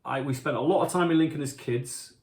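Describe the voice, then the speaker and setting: A man's voice: medium pitch, brisk, a little mellow, roomy sound. A middle-aged man, a musician casually telling self-deprecating stories while answering fan questions. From Yorkshire, England. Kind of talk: casual anecdotal storytelling. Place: home kitchen.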